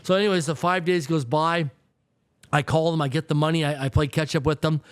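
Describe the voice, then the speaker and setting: A man from Canada, a guest telling a story in an interview, animated and often repeating words as he goes. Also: a little high, fairly quick, smooth, no echo, clean studio sound.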